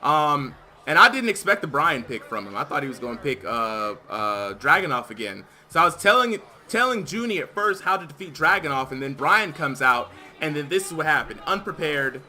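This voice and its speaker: A man's voice: on the high side, sing-song, moderate pace, few pauses, pushed and bright. A man co-hosting a casual gaming chat, telling stories with energy and acting out other people's lines. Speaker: co-host, team captain.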